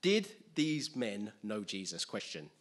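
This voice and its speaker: A man preaching a sermon in an animated way, acting out scenes with sudden loud outbursts. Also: fairly low pitch, slow.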